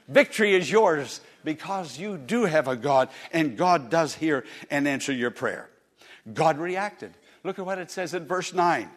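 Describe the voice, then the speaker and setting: A man's voice: on the high side, very animated, a little slow, fairly bright tone, slightly rough. A man preaching a sermon with passion, calling on the listeners to answer him, his delivery swelling and dropping. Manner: impassioned, rising and falling, calls on listeners to answer.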